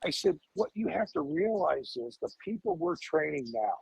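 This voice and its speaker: A man's voice: on the high side, huge pitch swings, normal speed, vocal fry, darkish tone, breathy edge, no room sound, poor audio. A man in his fifties, a fire lieutenant guest on a podcast, talking emphatically, repeating words and firing off rhetorical questions. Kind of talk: podcast interview.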